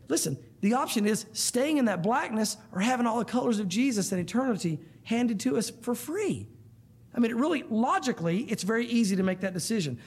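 Husky high-voiced man preaching earnestly. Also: lively intonation, a little fast. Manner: earnest, emphatic, addresses listeners as guys. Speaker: pastor. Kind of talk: sermon. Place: church room.

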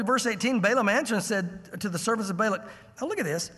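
A man preaching a verse-by-verse sermon as a pastor, emphatic and conversational, with quick asides to the listeners. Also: high voice, lively intonation, sharp tone, slightly rough, in a large hall. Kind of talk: expository sermon.

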